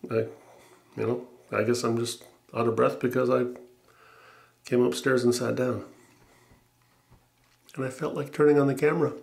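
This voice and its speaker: A man rambles to his camera from a room upstairs at home, thinking aloud with wry asides. He is a little out of breath and stops often on fillers. His voice sits at a middle pitch and carries a roomy echo. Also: level tone, gravelly, darkish tone. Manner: musing, wry, halting with fillers. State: slightly out of breath. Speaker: vlogger. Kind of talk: rambling casual vlog. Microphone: camera mic.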